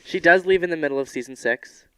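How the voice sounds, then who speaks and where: A young man co-hosting a casual podcast chat, animated and playfully argumentative. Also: on the high side, fast talker, clean tone, dry recording, low-quality recording. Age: young adult. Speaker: podcast co-host.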